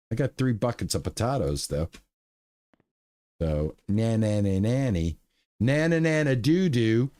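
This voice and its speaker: Talking through his gameplay on stream, a man rambles playfully and lets out goofy exclamations. His voice is on the high side and a little mellow.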